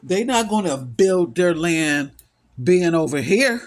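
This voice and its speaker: A middle-aged man delivers an impassioned solo monologue at a slow, deliberate pace. His voice sits a little high, and he sounds weary and emphatic. He hammers his points home through repetition. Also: expressive. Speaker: vlogger.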